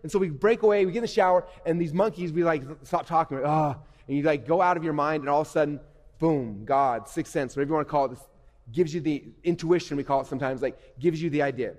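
A middle-aged man giving an animated stage talk to kids, asking the audience questions and acting out inner voices. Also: fairly high pitch, fast talker. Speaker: speaker at a youth event. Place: large hall on stage. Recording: long hall reverb.

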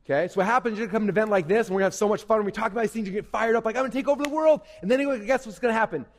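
Upbeat male speaker addressing youth live; slightly high voice, reverberant hall. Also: racing, a little hiss or hum. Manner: energetic, repetitive, conversational. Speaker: motivational speaker. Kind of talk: live motivational talk to youth. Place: stage at a live event. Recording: echoey hall.

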